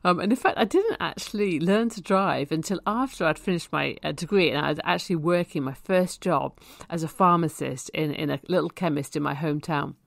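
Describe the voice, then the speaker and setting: Gravelly low-voiced woman telling a story. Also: brisk, few pauses, no echo. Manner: chatty, with many ums and soft laughs. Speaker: pharmacist telling a personal story. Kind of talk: relaxed personal storytelling.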